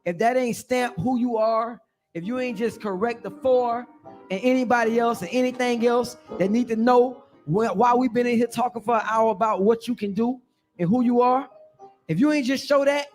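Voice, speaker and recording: A man hosting a live radio show, talking fast and hyped up as he gives slangy shout-outs. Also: very high voice. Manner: excited, hype shout-outs in slangy talk.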